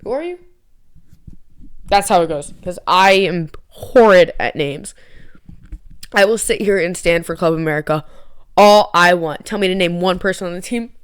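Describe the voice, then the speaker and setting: A woman's voice: fairly low pitch, moderate pace, clean tone. A young woman chatting casually to camera as a vlogger, rambling, giggly and poking fun at herself. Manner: rambling, giggly, self-mocking.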